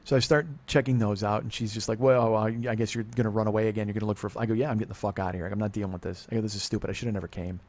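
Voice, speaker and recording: Middle-aged man, rapid rambling monologue, heavy swearing, restarts constantly. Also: on the low side, fairly even intonation, darkish tone. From California. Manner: rambling, profane, self-interrupting storytelling. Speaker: podcast host. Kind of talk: confessional monologue.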